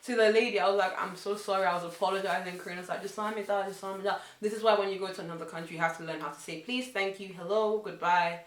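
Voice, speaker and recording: A young woman vlogger casually telling a story, full of fillers and lively quoted voices. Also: lowish voice. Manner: animated, quoting others in put-on voices, many fillers. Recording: echoey room.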